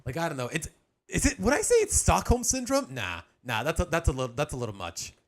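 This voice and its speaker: A man's voice: on the high side, wildly swooping pitch, quick pace, soft background music. A young adult man chatting casually on a live stream as he reacts to a video, rambling with restarts and slang.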